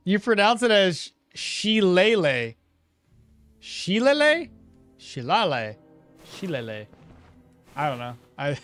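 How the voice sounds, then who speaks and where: A man's voice: high-pitched, a bit bright. A man giving casual gameplay commentary, thinking aloud, chuckling often and answering chat as he plays. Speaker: streamer playing a game.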